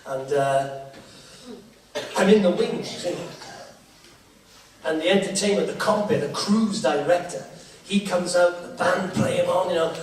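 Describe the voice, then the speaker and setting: A man's voice: high voice, unhurried, pauses often, a little mellow, slight background noise. A man telling stand-up stories in a chatty way, with asides to the audience. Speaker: comedian. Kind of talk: stand-up comedy. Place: theatre stage. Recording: echoey theatre from far off.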